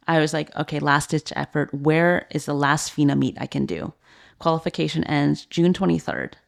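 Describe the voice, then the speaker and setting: Woman, thirties, low register; podcast guest, candid storyteller, loose and earnest with lots of "like". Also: creaky. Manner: earnest, heavy use of "like" fillers. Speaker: podcast guest, former elite swimmer and coach.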